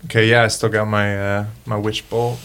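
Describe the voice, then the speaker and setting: A man playing a tabletop game, chatting in a laid-back, relaxed way. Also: fairly low pitch, normal speed, smooth. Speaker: player. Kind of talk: casual game chat.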